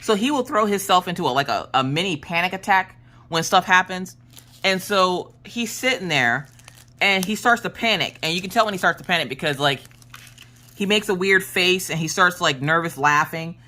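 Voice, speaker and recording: Craft vlogger mom, lowish bright voice, chatty storyteller who laughs a lot. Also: female voice, lively intonation, moderate pace. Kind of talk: casual storytelling chat while crafting.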